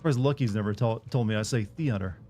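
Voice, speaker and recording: A man's voice: medium pitch, rapid-fire, mellow, a little hiss or hum. A man with a mild Southern US accent doing casual let's-play commentary, chatting with viewers and swearing at the game. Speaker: streamer.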